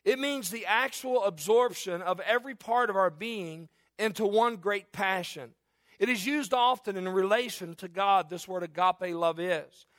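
A man's voice: high voice, normal speed, a bit bright, no echo. A man in his forties preaching an earnest, conversational sermon in a church, often restarting and repeating phrases. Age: 40s. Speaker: pastor.

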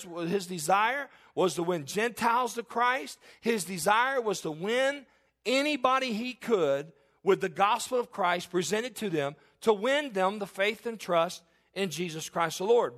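High-voiced man in his forties preaching. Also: a bit bright. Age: 40s. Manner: emphatic, repeats and restarts phrases. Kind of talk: sermon with Bible reading.

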